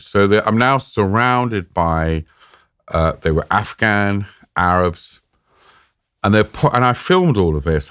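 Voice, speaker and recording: A man's voice: low-pitched, dry recording, studio quality. A middle-aged British man telling war stories in an interview, self-mocking and acting out the voices he quotes. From Britain. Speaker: war journalist guest. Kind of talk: animated storytelling in an interview. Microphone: podcast mic.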